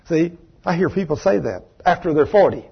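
A man's voice: fairly high pitch, animated, a little fast, gravelly, husky, muffled recording. A man preaching a folksy televised sermon, acting out the voices of people he quotes.

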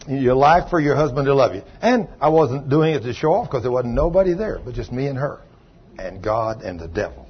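An older man preaching a sermon in a folksy way, husky, swinging from soft asides to loud calls. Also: mid-range voice, lively intonation, fairly quick. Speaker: pastor. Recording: dull lo-fi sound.

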